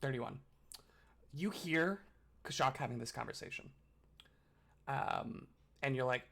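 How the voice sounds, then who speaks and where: A man narrating a tabletop game as game master, loose and casual with frequent fillers. His mid-pitched voice has a gravelly, creaky texture. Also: lively intonation, measured pace, long pauses, a bit bright.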